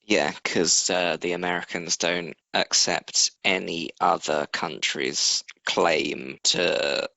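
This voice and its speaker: A man's voice: low-pitched, steady tone, slow, creaky, hardly any pauses, pushed and bright, no room sound, dull audio. A man co-hosting a podcast in casual chat, with a dry teasing humor. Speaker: podcast co-host.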